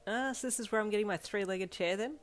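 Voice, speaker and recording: A woman's voice: lowish voice, steady tone, brisk, faint music behind, close to an everyday voice. A woman voicing a cheeky, teasing young woman in a story. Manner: teasing, playful.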